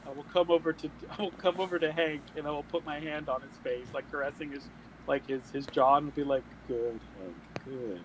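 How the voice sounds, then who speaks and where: A man playing a tabletop game, voicing his character with sudden loud high shouts. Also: level tone, fast, slight background noise, low-quality recording. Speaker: player.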